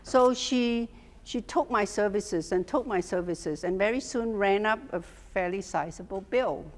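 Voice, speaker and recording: A middle-aged woman teaching a class as a hypnotherapy instructor, telling lively stories and laughing often. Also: mid-range voice. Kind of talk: storytelling lecture to a class. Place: teaching room with an audience. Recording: long hall reverb.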